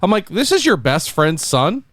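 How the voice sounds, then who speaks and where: Animated man, a bit high-pitched. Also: moderate pace, no room sound, clean studio sound. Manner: animated, acts out scenes in voices. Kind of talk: casual chat.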